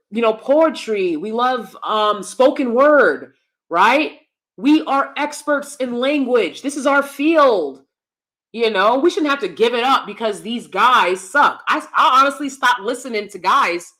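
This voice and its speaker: A woman host chats loosely with her viewers. Her voice sits high and bright. She laughs often, swinging from loud declarations down to soft, confiding asides. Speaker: channel host. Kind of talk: casual live-stream chat.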